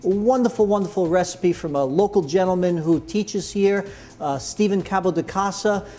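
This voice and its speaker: A man's voice: high-pitched, normal speed, dark tone, soft background music. A man leading a cooking demonstration, chatty and enthusiastic as he explains each step in the kitchen. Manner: enthusiastic, chatty, full of praise. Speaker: cooking instructor.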